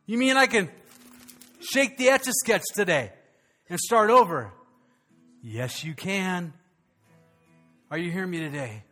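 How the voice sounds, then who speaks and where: A man's voice: high voice, animated, a little slow, pauses often, pushed and bright, faint music behind. An older man preaching a sermon as pastor, folksy and storytelling, rising to fervent, rhythmic preaching.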